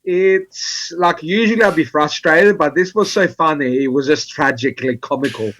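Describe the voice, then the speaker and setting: A man's voice: fairly high pitch, moderate pace, a bit bright, low-quality recording. A man speaking as a guest on a football panel, wry and amused.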